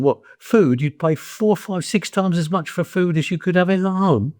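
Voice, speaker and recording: A man's voice: on the high side, expressive, brisk, a little mellow. An older man from East London with a Cockney accent, telling blunt anecdotes as a guest in a casual conversation. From East London, England. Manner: blunt, anecdotal, frequent restarts.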